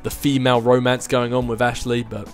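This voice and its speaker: Young male vlogger in his twenties, mid-pitched and conversational, rambling through viewer questions with restarts, faint music under him. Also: flat delivery, a little fast. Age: 20s. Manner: rambling, chatty, with frequent restarts and laughs. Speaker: YouTube channel host answering viewer questions. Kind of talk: casual chat.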